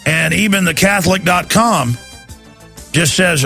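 Gravelly, forceful ranting radio host. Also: male voice, high-pitched, expressive, normal speed, soft background music. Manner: urgent, pleading, ranting. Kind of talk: impassioned radio monologue.

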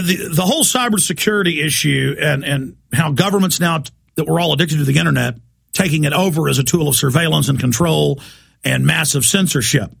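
A man's voice: fairly high pitch, creaky, fairly bright tone, husky. A man hosting a talk radio show, delivering a heated, emphatic monologue.

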